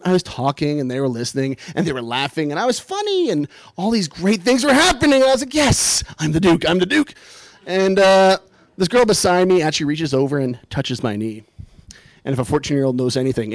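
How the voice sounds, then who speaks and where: A man's voice: fairly high pitch, fast talker, no room sound. Self-mocking man with a dry sound. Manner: self-deprecating, animated, punchline-driven. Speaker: storyteller. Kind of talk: comic personal storytelling.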